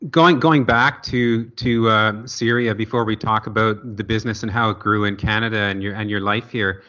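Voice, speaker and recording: A man's voice: fairly low pitch, steady tone, moderate pace, bright, forceful tone, highs cut off. A man interviewing a guest, restarting his questions as he asks them.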